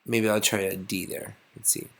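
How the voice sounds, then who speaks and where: A man's voice: fairly low pitch, little pitch movement, normal speed. A man teaching a casual music lesson, thinking aloud and getting enthusiastic as he composes.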